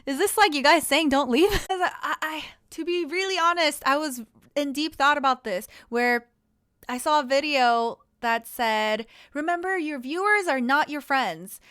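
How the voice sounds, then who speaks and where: A young woman streamer chatting casually with her viewers, rambling and quick to laugh. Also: high voice, fairly bright tone.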